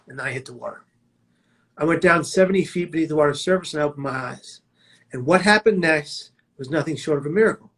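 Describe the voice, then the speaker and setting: A man's voice: fairly high pitch, a little fast, long pauses, fairly bright tone. A man telling his own life story as a prevention speaker, in a vivid, dramatic way with emphatic quoted lines. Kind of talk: personal storytelling talk.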